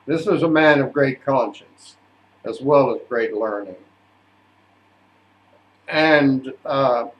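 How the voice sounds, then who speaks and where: An older man, an opera singer, telling stories in a deliberate, indignant way. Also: medium pitch, muffled recording. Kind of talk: storytelling monologue. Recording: echoey room.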